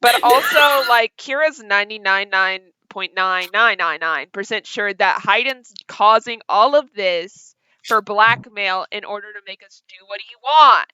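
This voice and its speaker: A woman playing a tabletop game, talking in a chatty, animated way. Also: medium pitch, a little slow, clear, resonant tone, poor audio. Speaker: player. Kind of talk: casual chat in a tabletop game.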